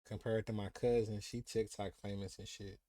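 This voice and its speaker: A man's voice: on the low side, flat delivery, normal speed, warm tone. A young man hosting a live podcast stream, telling stories in casual slang and acting out what people said. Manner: laid-back slangy storytelling, acts out quotes. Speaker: podcast host.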